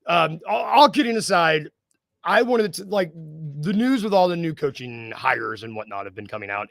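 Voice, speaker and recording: A man's voice: fairly high pitch, fairly bright tone, no echo. A man from the United States hosting a casual sports podcast, joking and rambling with lots of fillers and restarts. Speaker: podcast host.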